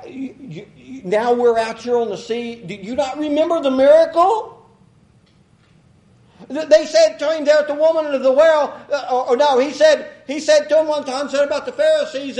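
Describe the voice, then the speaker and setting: A man's voice: very high-pitched, a little mellow, echoey room, rough recording. A man preaching a folksy, rambling sermon, chuckling and acting out quotes as he goes.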